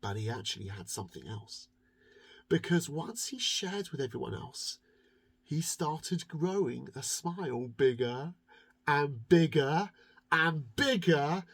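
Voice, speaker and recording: A storyteller telling a holiday story to children in a lively, expressive way, drawing words out for effect. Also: medium pitch, unhurried, creaky, husky.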